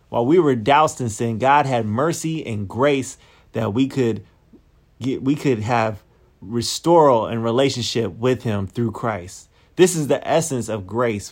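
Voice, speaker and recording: Male preacher, mid-range voice, measured deliberate sermon delivery with repeated lines. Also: medium pitch. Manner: slow, deliberate, repeats phrases for emphasis.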